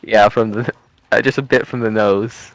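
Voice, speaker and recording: His voice sits on the low side with fairly even intonation and a normal speed as he plays a tabletop role-playing game in character, switching back and forth with himself playfully, theatrically and with laughs. The recording is dry and low quality.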